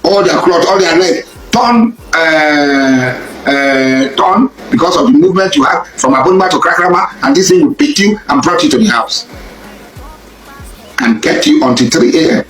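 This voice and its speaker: A Nigerian man delivers an impassioned speech, pressing his accusations over and over and climbing into shouts. His voice sits fairly high and rings around an echoey room. Faint music plays underneath. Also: lively intonation, normal speed. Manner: accusing, repetitive, rising to shouts. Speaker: public speaker addressing a rival.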